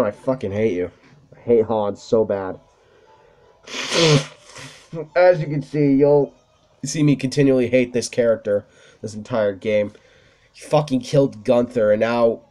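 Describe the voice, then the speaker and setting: A man's voice: mid-range voice, measured pace, pauses often, mellow. A young man hosting a gameplay video, ranting and swearing constantly in his commentary. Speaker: gameplay host. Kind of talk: profane let's-play commentary.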